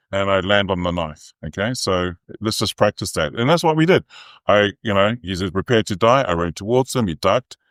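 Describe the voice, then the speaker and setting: Kiwi opera guy, lowish voice, acts out quotes in his stories, dry sound. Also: dry recording. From New Zealand. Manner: lively anecdotes with acted-out quotes. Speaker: guest opera singer. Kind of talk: animated storytelling.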